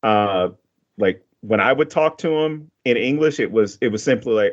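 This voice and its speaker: A man's voice: fairly low pitch, fairly quick. A man from Louisiana chatting casually as a podcast guest, rambling and swearing easily, with frequent restarts. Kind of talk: casual chat. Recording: dull lo-fi podcast audio.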